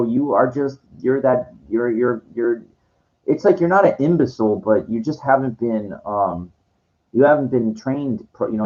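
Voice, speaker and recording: A man of medium pitch and slightly mellow tone gives a ranting to-camera monologue, answering viewer comments. He lectures a viewer condescendingly and keeps stumbling and restarting what he says. The sound is dull and lo-fi.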